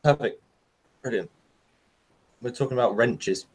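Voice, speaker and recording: A man's voice: medium pitch, unhurried, slightly rough. A man, chatting casually and jokingly as a podcast host.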